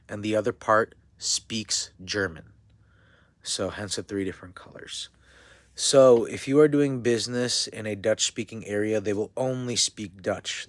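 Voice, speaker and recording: Low-voiced man giving a rambling lesson. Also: dry recording. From India. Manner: rambling, self-correcting, checks in with "okay?" and "you know?". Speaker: instructor. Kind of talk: casual video lesson.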